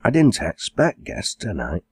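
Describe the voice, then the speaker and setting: A kindly, fussing middle-aged farmer's wife, played by a male narrator. Her voice sits somewhat above his deep natural register, with a husky grain. She speaks with a lively, sing-song lift. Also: measured pace, no echo, studio quality, exaggerated voice. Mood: motherly.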